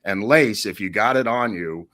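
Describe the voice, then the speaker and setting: A man tells stories as an interview guest. His delivery is animated, and he laughs mid-sentence as he goes. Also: lowish voice, moderate pace. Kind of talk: storytelling anecdotes in an interview.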